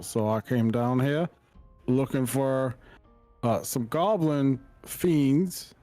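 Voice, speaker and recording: A theatrical adventurer spinning tales with grand flourishes, played by a man at the table. His tone is mellow and dark, and the sound is close and dry. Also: mid-range voice, dry recording, natural voice. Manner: grandiose, storytelling. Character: boastful adventurer, theatrical and long-winded. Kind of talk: tabletop game role-play.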